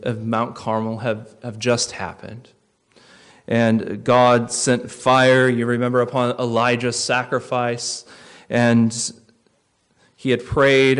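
A man preaching a sermon, earnest, rising to loud emphasis and dropping to quiet, reflective lines. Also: mid-range voice.

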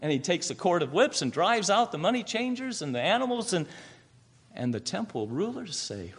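A man's voice: sits high, very animated, moderate pace, slightly rough. A man preaching a sermon, asking rhetorical questions and answering them himself.

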